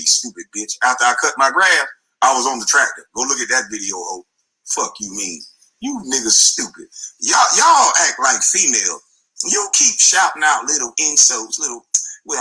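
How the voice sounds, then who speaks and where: A man's voice: mid-range voice, sharp tone, slightly rough, rough recording. A middle-aged man, a former basketball player, delivering an angry, taunting rant full of insults in a played clip.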